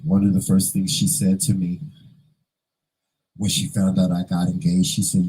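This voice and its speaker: A man's voice: low voice, flat delivery, normal speed, warm tone, husky, poor audio. A man vlogger telling a personal story in an earnest, emotional way, fighting back tears and repeating phrases for emphasis.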